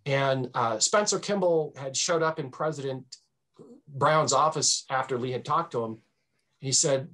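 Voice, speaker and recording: A man with a husky, slightly rough voice tells history as a podcast guest. He speaks in a lively, storytelling way, jumping up in pitch to make a point, with plenty of ums and restarts. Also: a little slow. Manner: animated, swings pitch for emphasis; frequent fillers and restarts. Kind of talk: conversational storytelling.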